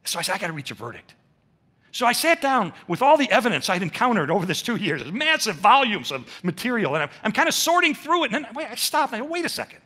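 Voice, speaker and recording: An older man telling his faith story as a sermon at a church, with animated storytelling and acted-out quotes. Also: sits high, fast. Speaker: speaker at a church. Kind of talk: testimony sermon.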